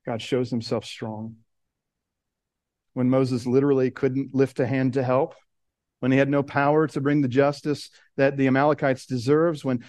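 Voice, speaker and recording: A man preaching a sermon, earnest, slowing and dropping soft on key words, then rising as he builds. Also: no echo. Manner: earnest, rises in pitch and intensity as he builds. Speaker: pastor.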